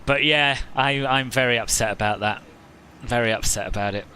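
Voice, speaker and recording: A man's voice: medium pitch, moderate pace, sharp tone, slight background noise, poor audio. A man chatting casually as he streams a flight simulator session, joking with viewers and often laughing at himself. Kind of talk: casual live-stream commentary.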